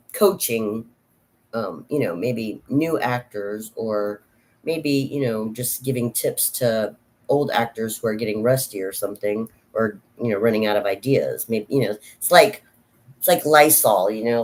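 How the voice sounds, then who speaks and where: A middle-aged American woman chatting casually in a vlog about acting, rambling with many restarts and asides. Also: rumbling low. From United States. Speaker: vlogger, actor. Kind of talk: casual chat.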